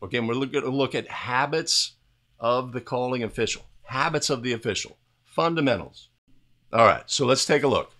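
A man narrates basketball game footage as an officiating instructor, his bright, forceful voice at medium pitch and a moderate pace. He teaches like a coach at a whiteboard, stating each point clearly, with restarts, fillers, and a habitual "right?" to draw the listener in.

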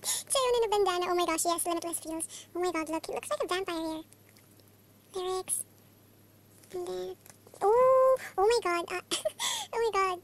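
A young woman from the Philippines chatting through a fan unboxing, gushing and excitable, with constant exclamations. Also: very high-pitched. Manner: gushing, excitable, many oh-my-gods. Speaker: vlogger. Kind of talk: casual unboxing chat. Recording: faint background noise.

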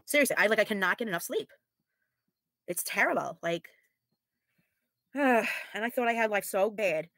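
A woman's voice: medium pitch, expressive, normal speed, pauses often, a bit bright, no room sound. Woman in her thirties, worn-out and weary, blunt and sighing, casual livestream chat, dry close sound. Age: 30s. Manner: frank, blunt, sighing, with mild swearing. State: tired, weary. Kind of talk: casual livestream chat reading viewer comments.

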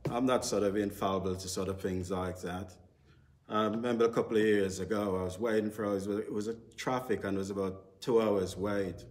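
Low-voiced man preaching. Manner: rambling, heavy use of "sort of" and "you know". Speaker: church speaker. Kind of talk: informal sermon talk. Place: church service.

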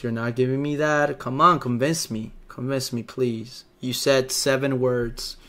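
Stern, bright-voiced mock football manager. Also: male voice, medium pitch, steady tone, a little slow. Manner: stern, demanding, swears, bursts into loud rants. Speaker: host playing a football club manager. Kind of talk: comedic mock job interview.

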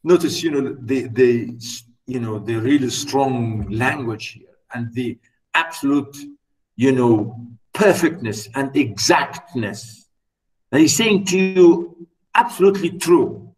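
A man's voice: medium pitch, animated, a little slow, recorded from a distance, rough recording. A man, teaching a literature class in a classroom, emphatic and repetitive, with many fillers. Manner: emphatic, repeats words, many "you know" fillers. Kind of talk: classroom lecture.

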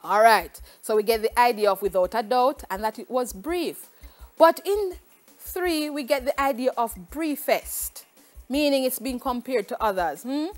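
A woman's voice: a little high, a little slow, faint music behind. A woman teacher giving a televised exam lesson, questioning and encouraging as she explains step by step.

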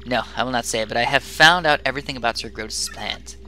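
A man voicing a dutiful male base computer with a conscience, speaking in a stiff, formal, measured way. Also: mid-range voice, pushed and bright, soft background music, close to an everyday voice. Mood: solemn.

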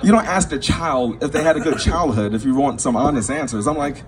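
His voice is on the high side and fairly quick, with few pauses and slight background noise. He's a young stand-up comic from Queens, New York, doing loose, rambling crowd work at a small backyard show while the audience laughs.

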